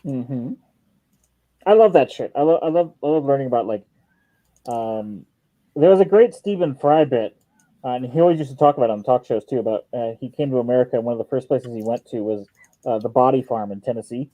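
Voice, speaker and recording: A man's voice: mid-range voice, brisk, warm tone, dry recording, low-quality recording. A man hosting a stream in casual, joking chat, swearing and laughing often. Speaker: stream host.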